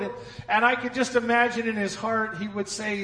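A man with a high voice preaches a sermon. He mixes folksy jokes with dramatic drops to near-whispers. His words ring out with the long echo of a large church hall. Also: steady tone, moderate pace, sharp tone. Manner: folksy humor. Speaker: pastor.

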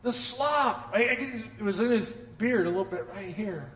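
A man preaching a sermon with folksy humor, swinging from loud emphasis to hushed, dropped phrases. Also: sits high, expressive, normal speed. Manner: dramatic swings from loud emphasis to near-whispered drops. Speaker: pastor. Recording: echoey church hall.

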